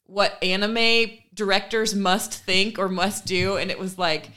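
A woman co-hosting a chat show, retelling a funny video in a lively way and acting out the quoted voices. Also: medium pitch, measured pace. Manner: animated storyteller, acts out quoted voices, laughs often. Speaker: podcast co-host.

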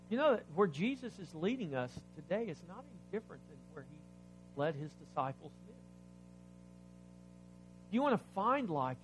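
A pastor with a slightly high voice preaches a sermon, reading scripture aloud and unpacking its meaning. He poses questions to the congregation and swings between loud emphasis and quiet asides.

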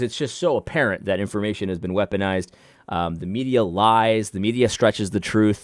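A man with a voice on the low side delivers a casual opinion monologue to his viewers, emphatic and explanatory. He keeps restarting and stuttering over his words. The studio-quality recording has no room sound.

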